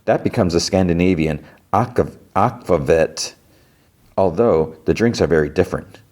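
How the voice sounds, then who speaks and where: A man's voice: deep voice, normal speed, a little mellow, close to an everyday voice. Politely helpful woman, as a man puts her on. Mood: explaining. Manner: politely explanatory.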